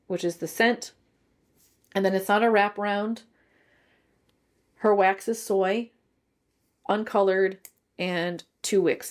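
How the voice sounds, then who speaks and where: A woman's voice: mid-range voice, darkish tone. A woman, giving a chatty, detailed candle review and thinking aloud as she goes. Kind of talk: casual review vlog.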